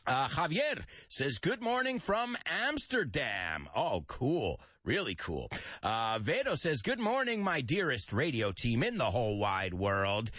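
A man hosting a radio show, his voice bright and ringing, swinging widely up and down in pitch. He reads listener comments aloud and slips into Spanish between English idioms. The sound is dry and close. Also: wildly swooping pitch, a little slow, no room sound. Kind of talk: lively radio show chat.

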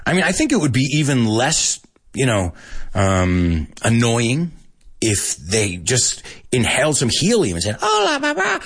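Lively husky American man teaching. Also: medium pitch. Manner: animated, chuckles often, switches between English and Spanish. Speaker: language teacher and podcast host. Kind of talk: casual podcast lesson.

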